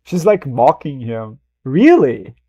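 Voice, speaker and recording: A man's voice: a little high, lively intonation, measured pace, warm tone, no room sound, highs cut off. A man streaming casual reaction commentary, rambling, swearing freely and laughing at himself. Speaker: streamer reacting to a film clip.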